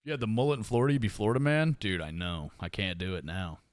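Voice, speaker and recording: A man's voice: fairly low pitch, fairly even intonation, fast talker, no room sound, studio quality. A man with a Southern US twang chatting casually with his stream viewers, swearing and laughing often.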